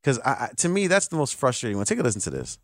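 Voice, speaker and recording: A man hosting a sports talk radio show, lively and joking, speaking from a radio studio. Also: medium pitch, very fast, no room sound. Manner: lively, joking, does voices to mock.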